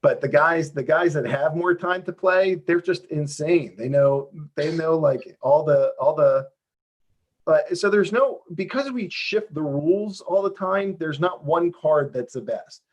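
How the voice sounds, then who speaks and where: A man being interviewed over a video call, explaining how his game works in a lively, fast, self-interrupting way. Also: on the high side, lo-fi sound. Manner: animated, talks fast with many restarts and fillers. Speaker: game developer guest.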